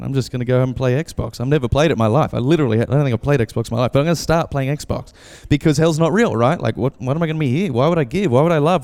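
A man preaching a casual, animated sermon as pastor, acting out voices when he tells a story. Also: medium pitch, in a large hall. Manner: animated, acts out voices in anecdotes. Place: church.

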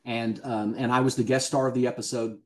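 Southern male guest, chatty raconteur, laughs through his anecdotes, mid pitch. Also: level tone, brisk, a little mellow. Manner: chatty storyteller, laughs often. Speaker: guest actor. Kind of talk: casual podcast interview.

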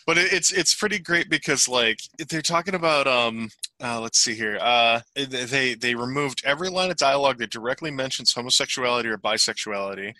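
Guy co-hosting a chat show, very bright edgy voice, lots of ums, dry sound. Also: medium pitch, fairly quick, few pauses, dry recording. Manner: hesitant, many fillers while reading. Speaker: podcast co-host. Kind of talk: casual chat.

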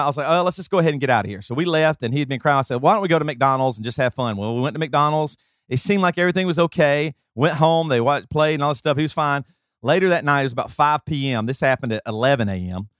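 A man in his thirties co-hosts a podcast, chatting casually and doing a host-read ad as a rambling, talkative storyteller full of fillers and restarts. His voice is on the high side and a bit bright, quick in pace, with clean studio sound and no room sound.

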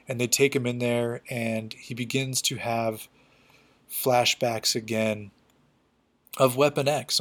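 A man's voice: medium pitch, a bit bright. A man giving a casual, chatty recap of a comic book story, full of loose fillers.

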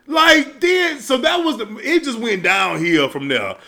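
A man, hosting and ranting casually and comedically about a movie, profane, with shouted outbursts. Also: very high voice, very animated, unhurried, creaky.

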